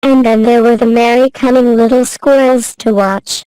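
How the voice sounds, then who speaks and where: A woman narrating a classic fairy tale in a slow, careful, even reading voice. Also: on the high side, clear, resonant tone, dry recording, poor audio. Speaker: storyteller.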